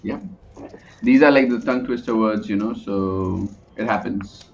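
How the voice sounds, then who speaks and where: Chatty Indian-accented poker commentator. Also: male voice, lowish voice, moderate pace, a little hiss or hum. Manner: chatty, analytical, frequent fillers and restarts. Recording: muffled lo-fi sound.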